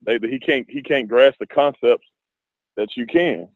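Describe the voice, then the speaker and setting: A man in casual group discussion, talking haltingly with many restarts and fillers. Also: mid-range voice, no room sound. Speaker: discussion participant. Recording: dry, phone-like audio.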